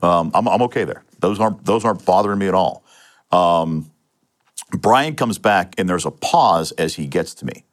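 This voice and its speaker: A middle-aged man from Pennsylvania speaks in a notably low voice as an interview guest. He recounts his own experience in a matter-of-fact way. He often restarts his phrases and fills pauses with "um" and "uh". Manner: matter-of-fact storytelling with frequent restarts and fillers. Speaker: interview guest, retired police sergeant. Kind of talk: telling a personal story in a podcast interview.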